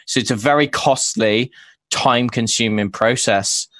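A man co-hosting a casual news chat, amused and laughing through halting explanations. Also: mid-range voice, fairly bright tone, no room sound. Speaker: show co-host.

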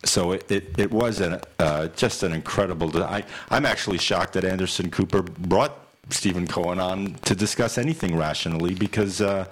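A man in casual political chat, measured and wry, with many fillers. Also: low voice, a little hiss or hum. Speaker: podcast co-host.

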